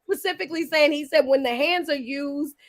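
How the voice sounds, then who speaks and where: A woman's voice: sits high, a little fast, no room sound, clean studio sound. A woman hosting a casual podcast chat, playful and teasing, often laughing as she questions her guests. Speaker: podcast host.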